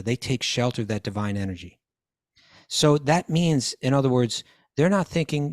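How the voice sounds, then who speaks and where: A man's voice: mid-range voice, animated, moderate pace, no room sound, studio quality. A man teaching scripture in a question-and-answer talk, quoting Sanskrit verses, translating them and often restarting his phrases.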